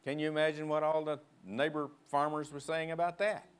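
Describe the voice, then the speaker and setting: Male guest preacher, fairly high voice, rousing and emphatic, leads church call-and-response. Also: level tone, fairly quick, clean tone. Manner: emphatic, prods the crowd with "huh?". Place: church sanctuary.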